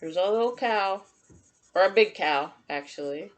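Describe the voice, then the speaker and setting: A woman teacher giving a gentle, encouraging drawing lesson to young children and talking through each step as she draws. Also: mid-range voice, expressive, normal speed. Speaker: kindergarten teacher.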